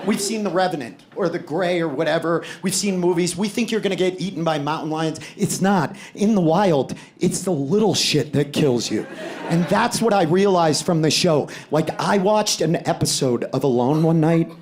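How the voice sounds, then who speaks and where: A man from the United States performing a stand-up comedy set, telling stories loudly and shouting suddenly at times. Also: fairly high pitch, normal speed. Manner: loud, animated storytelling with sudden shouts. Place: live comedy venue with audience. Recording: live show with crowd noise.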